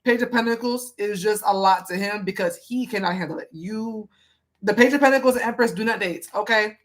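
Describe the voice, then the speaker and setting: A woman's voice: mid-range voice, brisk. A woman reading tarot cards for a viewer in a casual, chatty way, asking the cards questions aloud and speaking with emphasis. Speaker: tarot reader.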